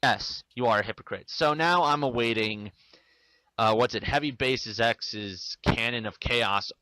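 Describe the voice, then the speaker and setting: Man, angry defensive vlog ranter, bright tone, dry sound. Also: medium pitch, measured pace, no room sound, low-quality recording. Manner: defensive, ranting, swearing. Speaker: video maker ranting to the camera.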